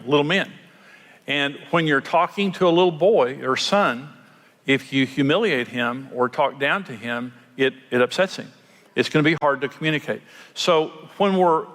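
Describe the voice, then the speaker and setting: A man's voice: on the high side, pushed and bright. An older man preaching a sermon as a pastor, telling folksy stories and acting out quoted lines. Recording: long hall reverb.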